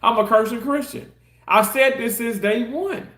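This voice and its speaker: A man's voice: very high voice, moderate pace, bright, forceful tone, reverberant. A man ranting on his live stream in a passionate, heated way, cursing and repeating himself. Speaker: live-stream content creator. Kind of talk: casual live-stream rant.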